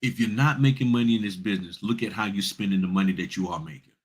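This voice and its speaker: A man's voice: lowish voice, quick pace, husky. A man hosting a notary business vlog, giving blunt, straight-talking advice and repeating points for emphasis.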